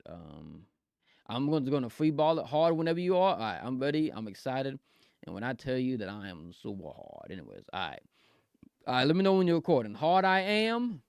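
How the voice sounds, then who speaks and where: A man's voice: lowish voice, vocal fry, darkish tone, no echo. A male streamer chatting casually on a livestream, rambling, laughing often and repeating phrases.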